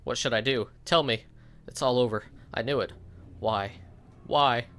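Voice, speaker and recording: A woman's voice: very deep voice, measured pace, fairly bright tone, a little hiss or hum. A man voicing a frightened, drug-craving teenage girl from a game, reading her lines aloud in a raised, pleading voice. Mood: panicked. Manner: panicky, pleading.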